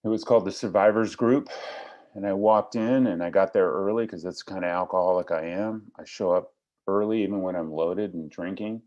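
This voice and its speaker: A man's voice: deep voice, brisk, darkish tone. A middle-aged man telling his personal recovery story to a meeting, in a wry, self-deprecating, joking way. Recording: slightly lo-fi recording.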